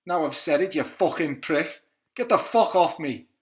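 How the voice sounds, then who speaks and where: A man voicing an angry, defiant young male prisoner who swears bitterly and shouts. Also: on the high side, expressive, moderate pace, voice pushed up, lightly acted. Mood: furious, bitter.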